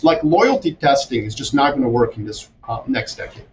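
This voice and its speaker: A man who grew up in Europe and the Middle East, talking as a podcast guest in a sarcastic, animated way with mocking asides. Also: medium pitch, a little fast, hardly any pauses. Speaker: guest strategist. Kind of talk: casual podcast conversation. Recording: distant, dull, slightly noisy remote audio.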